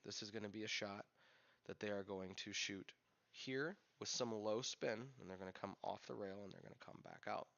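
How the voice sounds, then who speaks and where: A man's voice: on the low side, normal speed, vocal fry, a bit bright. A man teaching pool as he plays, thinking aloud in a candid coaching manner. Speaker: pool instructor. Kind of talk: instructional commentary while playing. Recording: lo-fi dull sound.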